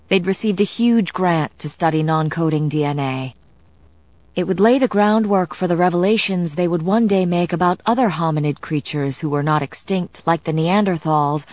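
A woman narrates a novel in the first person, steady and measured. Her voice is low and the recording is close and dry, with no room sound. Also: no echo. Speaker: audiobook narrator. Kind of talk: scripted narration.

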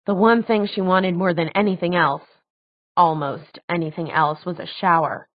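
A woman narrating an audiobook in a measured, even storytelling manner. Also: lowish voice, dry recording, muffled recording.

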